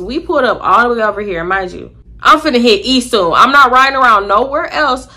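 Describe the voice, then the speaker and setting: Brief: young woman, slightly high and bright, animated storyteller for a vlog. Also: a little fast. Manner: animated, acts out quoted voices, addresses viewers as y'all.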